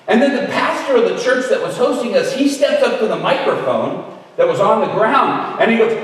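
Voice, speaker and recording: A man preaching with an animated, humorous storytelling manner, heard in an echoey hall from far off. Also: extremely high pitch, fairly quick. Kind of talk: storytelling sermon. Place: event venue.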